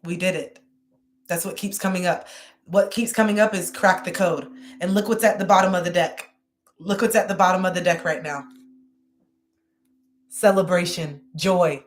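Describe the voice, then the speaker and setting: A woman's voice: on the low side, steady tone, normal speed, long pauses, slight background noise. Effusive woman doing a live card reading. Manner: emotional, breathy and effusive, repeats phrases. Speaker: tarot reader and host.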